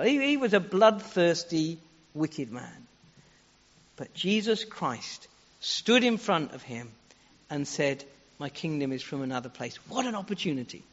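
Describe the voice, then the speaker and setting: A man preaching a sermon, earnest, leaning on rhetorical questions and shifting his pace for emphasis. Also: a little high. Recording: echoey hall, dull lo-fi sound.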